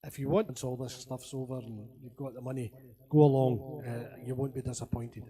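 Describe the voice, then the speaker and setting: A man's voice: medium pitch, flat delivery, fairly quick, crowd noise. A Scottish man chatting casually between songs on a webcam stream, rambling and laughing as he tells stories. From Scotland. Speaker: singer streaming to friends.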